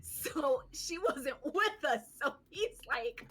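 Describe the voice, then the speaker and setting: Bright-voiced woman telling an animated story. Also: high voice, takes it slowly, faint music behind. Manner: animated, laughing storyteller acting out quotes. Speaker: podcast co-host. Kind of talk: casual chat storytelling.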